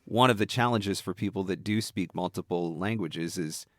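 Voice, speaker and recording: A man with a very deep voice who hosts a podcast. He talks in a relaxed way and thinks aloud while he puts his questions. His voice is close and dry. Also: normal speed, no room sound. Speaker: podcast host. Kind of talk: casual interview chat.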